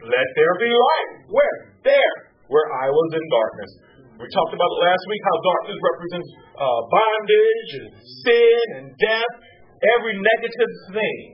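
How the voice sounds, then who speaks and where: Male preacher, high and lively delivery, recorded from a distance, dull lo-fi sound. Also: normal speed. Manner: animated, swooping between high exclamations and low hushed tones. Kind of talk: sermon. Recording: distant mic, muffled sound, faint hum.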